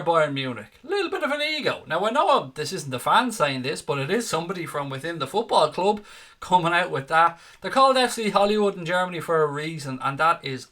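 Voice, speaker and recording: A man's voice: fairly high pitch, pushed and bright. Sweary, sarcastic man on a fan chat show. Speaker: host reading live chat comments.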